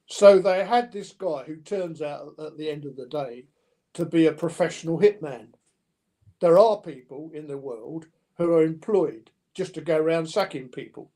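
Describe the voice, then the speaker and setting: Older man, high animated storyteller. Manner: anecdotal, animated, with mimicked dialogue. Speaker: podcast guest. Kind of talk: storytelling interview.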